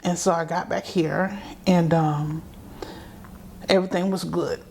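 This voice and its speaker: Middle-aged woman from South Carolina, lower-pitched, telling her story in a vivid, conversational way, acting out remembered voices. She speaks as an interview guest recounting her own memories. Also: steady tone, measured pace, vocal fry, a little mellow, slight background noise.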